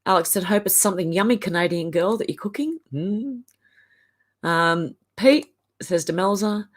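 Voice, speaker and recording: An Australian woman hosts a livestream, speaking at normal speed in a medium-pitched voice. She reads viewer comments aloud in a casual, chatty way, chuckling often.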